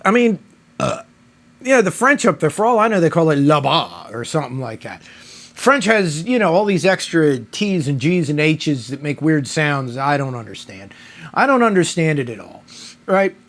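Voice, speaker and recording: Man, beer reviewer, casual rambling monologue, mock-indignant, swears, slightly high voice. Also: very animated, normal speed, fairly bright tone. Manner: mock-outraged, rambling, profane.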